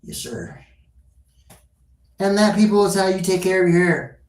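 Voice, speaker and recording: A woman's voice: mid-range voice, flat delivery, quick pace, a little mellow. A woman livestreaming from her phone at home, chatting loosely and rambling, swearing casually as she goes. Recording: echoey room.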